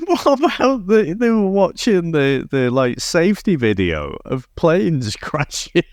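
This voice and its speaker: A man's voice: a little high, sing-song, takes it slowly, no room sound, studio quality. A man co-hosting a casual film review chat, incredulous and sweary, often restarting his sentences. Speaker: podcast co-host.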